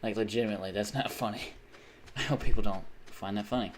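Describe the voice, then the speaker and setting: A man's voice: fairly low pitch, fairly quick, a little hiss or hum. A young man live-streaming a game, chatting casually and reading viewer messages aloud, rambling and swearing often. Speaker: livestreamer.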